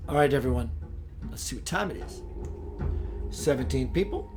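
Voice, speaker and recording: A man hosting a live-streamed spiritual talk, greeting viewers, reading their comments and shifting into slow, preachy passages. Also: medium pitch, animated, over music. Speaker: spiritual livestream host.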